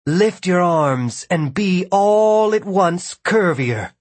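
A man voicing an upbeat male commercial announcer with a bright, salesy delivery, in a husky, slow voice. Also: high-pitched, lively intonation, dry recording, pitched above the performer's own voice, exaggerated voice.

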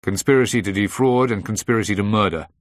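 Firm detective inspector voiced by a man, formal and low, dry booth. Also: quick pace, no echo, lightly acted. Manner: formal, commanding.

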